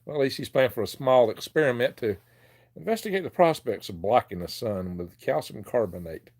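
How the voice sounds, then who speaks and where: A man's voice: medium pitch, lively intonation, fairly quick, darkish tone. Chuckling folksy Southern man. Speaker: livestream host. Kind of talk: casual live chat. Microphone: handheld phone.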